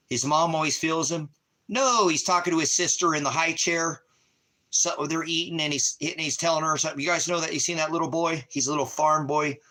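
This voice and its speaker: In a rural spot around Christmas Valley, a man hosts a casual livestream, rambling with plenty of profanity and speaking directly to his chat. His voice is fairly high and sharp.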